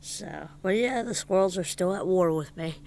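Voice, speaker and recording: A man vlogging outdoors in a casual, rambling way, halting and hesitant, rueful and confiding, sometimes dropping to a hushed near-whisper. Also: high voice, expressive, vocal fry. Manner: halting and hesitant, with repeated fillers and restarts. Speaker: vlogger and musician.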